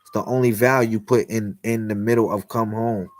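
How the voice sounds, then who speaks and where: A young man hosting a livestream speaks a little fast in a steady voice on the low side, preaching to viewers about God and miracles. The spiritual monologue is loose, repetitive and slangy, and the recording is dry.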